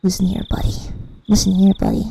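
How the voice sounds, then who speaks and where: A woman putting on a blustering Southern US redneck voice, drawling, loud and defiant. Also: medium pitch, little pitch movement, fast, creaky, slight background noise, lightly acted, low-quality recording. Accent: put-on Southern US.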